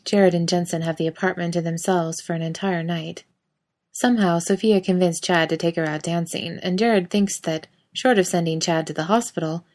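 Low-voiced woman reading a story aloud. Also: a little mellow. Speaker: narrator.

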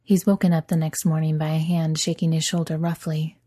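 A woman narrating a story aloud in a gentle, even storytelling manner. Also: low voice, fairly quick. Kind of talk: audiobook story reading.

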